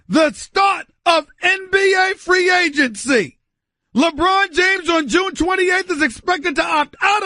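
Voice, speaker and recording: Man, New York accent, middle-aged, sports talk host, high voice, dry close sound, emphatic and repetitive. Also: pushed and bright, no room sound. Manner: emphatic, repetitive, preacher-like bursts. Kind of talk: animated sports talk monologue.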